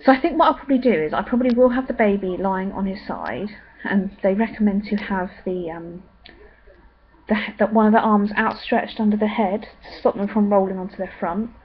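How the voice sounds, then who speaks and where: A young woman chatting in a rambling way with many pauses and ums. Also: mid-range voice, lo-fi sound, slight background noise. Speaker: vlogger. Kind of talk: casual pregnancy update vlog.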